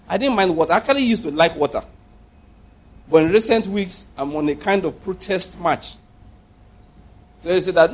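A man's voice: fairly high pitch, lively intonation, brisk, pauses often, slightly rough. A man preaching a sermon to a congregation, jokey and digressive, often repeating himself as he explains. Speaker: pastor.

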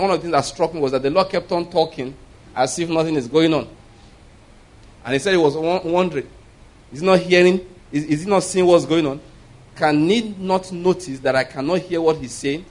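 A man preaching a sermon, telling a story with frequent chuckles and repeated words. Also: on the high side.

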